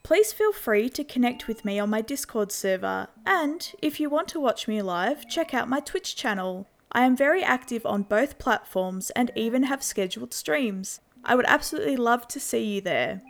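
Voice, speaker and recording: A woman narrating a horror story in a slow, measured storytelling manner. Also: fairly high pitch, expressive.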